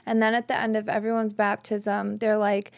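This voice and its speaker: A woman's voice: medium pitch, monotone, normal speed, gravelly. A young woman co-hosting a casual faith podcast, speaking earnestly and from the heart. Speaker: podcast co-host.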